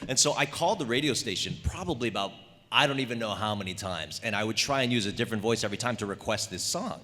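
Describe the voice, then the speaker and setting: A man's voice: on the low side, lively intonation, fast, bright, forceful tone. A man in his forties on a convention panel, easygoing and rambling as he tells a story, recorded in an echoey convention hall. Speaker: voice actor panelist.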